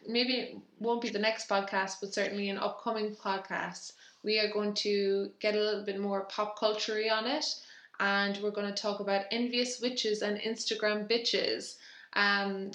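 A woman's voice: medium pitch, a bit bright. A woman co-hosting a podcast, chatting casually with lots of fillers and restarts. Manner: rambling, filler-heavy, restarts. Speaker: podcast co-host. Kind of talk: casual chat. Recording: echoey room.

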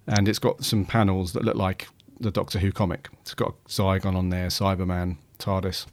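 Low-voiced hesitant man. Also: flat delivery, normal speed, no echo. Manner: hesitant, lots of ums. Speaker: podcast co-host. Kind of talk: casual chat.

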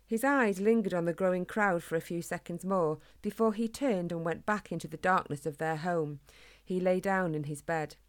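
A woman narrating a children's storybook in an expressive, clear read-aloud manner. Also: fairly low pitch, normal speed.

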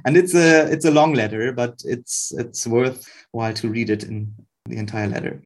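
A man's voice: medium pitch, steady tone, moderate pace. Earnest man explaining a historical letter. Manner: earnest, careful, with restarts. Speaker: guest researcher.

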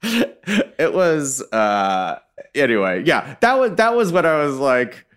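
Lively, self-deprecating man in his late thirties. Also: a little high, takes it slowly, smooth. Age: late 30s. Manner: dry, self-deprecating, chuckling often. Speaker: podcast host. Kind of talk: casual chat.

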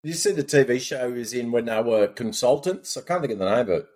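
A man's voice: lively intonation, quick pace, a little mellow. A man on a movie podcast, blunt and swearing. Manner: blunt, swears, sweeping pitch. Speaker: podcast co-host. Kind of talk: casual film review chat.

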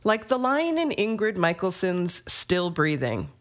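A woman co-hosting a podcast, giving a measured, earnest scripted introduction. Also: lowish voice, big pitch swings. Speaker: podcast co-host.

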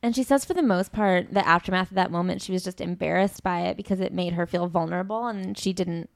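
A woman's voice: lowish voice, fast talker, gravelly, no echo, studio quality. A woman co-hosting a podcast, chatting casually about a memoir and leaning often on "like". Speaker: podcast co-host. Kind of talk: casual book discussion.

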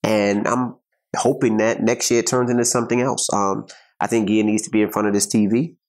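A man's voice: on the low side, level tone, a little fast, a little mellow. A middle-aged man co-hosting a podcast, chatting casually and rambling as he repeats phrases while searching for words. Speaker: podcast co-host. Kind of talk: casual chat.

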